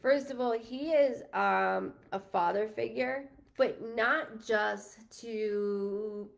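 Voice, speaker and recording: Gravelly, chatty woman medium. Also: a little high, slow pace. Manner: rambling, self-interrupting, laughs often. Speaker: psychic medium. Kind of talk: live-streamed reading, casual chat.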